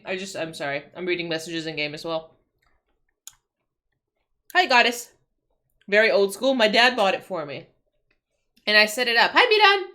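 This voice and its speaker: A woman streamer with a bright, forceful voice vents at length to her chat. She talks casually and in exasperation, with plenty of swearing, "like"s and restarts. Her pitch sits in the middle for a woman. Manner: exasperated ranting, swears, frequent likes and restarts. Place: home.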